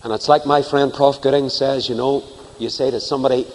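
Man, sermon, middle-aged, lively, long reverb in a church hall. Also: medium pitch, brisk. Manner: animated, acts out dialogue in voices. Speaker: preacher.

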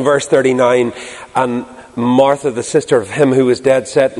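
A man preaching a sermon. His mid-pitched voice is expressive, rising to loud emphasis and then dropping to hushed tenderness. It carries the long reverb of a large hall. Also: moderate pace.

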